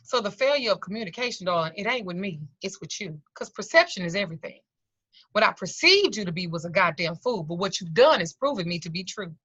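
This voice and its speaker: A woman's voice: mid-range voice, lively intonation, fast, a bit bright, breathy edge, no room sound. A woman, teaching an online occult class and telling blunt, profane stories. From Southern United States. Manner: blunt, profane, theatrical storyteller. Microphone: video call. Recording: dull lo-fi video-call audio.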